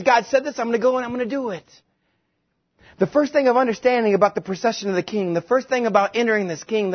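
A man preaching with a high voice that has a husky edge, animated and quick to act out the people in his stories. The recording sounds dull and lo-fi. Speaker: pastor. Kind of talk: sermon with comic retelling.

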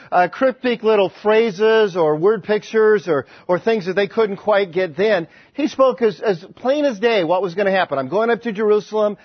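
Brief: a male preacher retelling scripture as lively stories, fairly high-pitched, dull, dry sound. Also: husky, no room sound. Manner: conversational, animated storytelling with frequent restarts. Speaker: pastor. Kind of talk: sermon. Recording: dry, slightly dull recording.

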